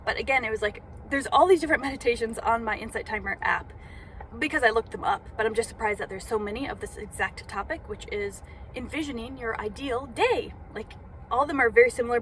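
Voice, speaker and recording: कार में बैठी, बिखरी-बिखरी बात करती युवती. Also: female voice, on the high side, fast, fairly bright tone, slight background noise. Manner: rambling, self-conscious, many fillers. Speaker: vlogger. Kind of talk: casual vlog monologue. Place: inside a parked car.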